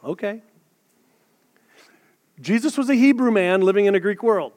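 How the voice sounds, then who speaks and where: A man's voice: sits high, expressive, moderate pace, darkish tone, a faint crowd. A man preaching a sermon as pastor, talking conversationally to his congregation and dropping joking asides. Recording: long hall reverb.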